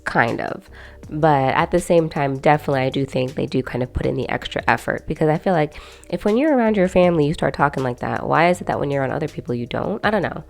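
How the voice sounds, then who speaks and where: Young female vlogger, low and gravelly, loose chatty rambling delivery. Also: animated, fast talker, darkish tone, soft background music. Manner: rambling and chatty, many fillers and asides. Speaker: video host. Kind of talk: casual chat to camera.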